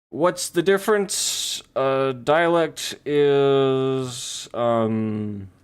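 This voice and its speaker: A man's voice: lowish voice, clear, resonant tone. A man chatting casually and rambling with jokes while drawing on a stream, thinking aloud.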